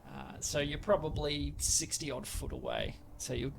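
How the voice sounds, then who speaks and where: A man's voice: on the high side, fairly even intonation, normal speed, gravelly, noisy background. A man narrating as game master, hesitant with lots of fillers.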